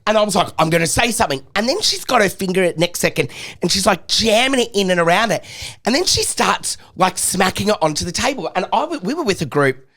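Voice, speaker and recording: Animated swearing man telling a story. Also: high voice, quick pace. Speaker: podcast co-host. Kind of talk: casual storytelling chat.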